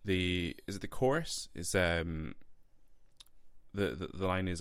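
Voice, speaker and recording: A man's voice: sits low, lively intonation, a little slow, long pauses, smooth, dry recording. A man hosting a podcast, chatting casually and hesitantly with many ums and restarts. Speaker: podcast host.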